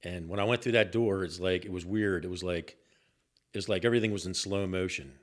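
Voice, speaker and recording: An older man telling a story on a podcast in an animated, profane way and repeating himself as he goes. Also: low-pitched, a little fast. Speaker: guest, host's father.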